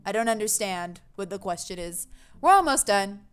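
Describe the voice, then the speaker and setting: A woman's voice: medium pitch, expressive, normal speed, smooth. A woman streaming a game, playfully reading the narration and chatting. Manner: playful, reads narration aloud. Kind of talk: game let's play narration.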